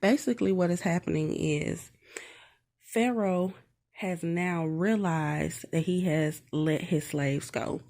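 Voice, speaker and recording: A woman's voice: on the low side, slow pace, a little mellow. A woman reading a Bible passage and reflecting on it from her own life, in an earnest, personal way. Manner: earnest, reflective, talks straight to the viewer with tag questions. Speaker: mother sharing devotional reflections.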